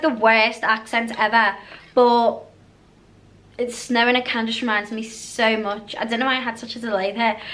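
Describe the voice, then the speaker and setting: A British woman chats through a casual haul vlog in a bright, forceful voice that sits a little high. She rambles freely and keeps drifting off topic. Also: slight background noise. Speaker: vlogger.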